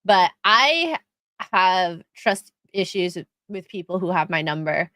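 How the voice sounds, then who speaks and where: A woman co-hosting a casual chat show, with a lively, chatty, self-deprecating manner. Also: fairly low pitch, a little slow, no echo. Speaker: podcast co-host.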